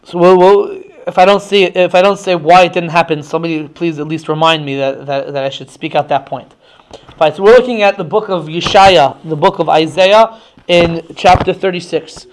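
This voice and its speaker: A man's voice: a little high, moderate pace. A man teaching a religious text class in a conversational way, often restarting and checking in with his listeners.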